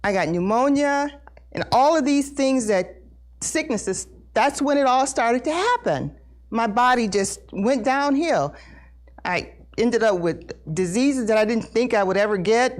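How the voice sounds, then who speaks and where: A middle-aged woman shares a heartfelt testimony in an earnest, halting way, often repeating her words. Her fairly high voice swings widely, climbing sharply when she feels strongly. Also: lively intonation. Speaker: congregation member sharing testimony. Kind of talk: emotional personal testimony at a Bible study.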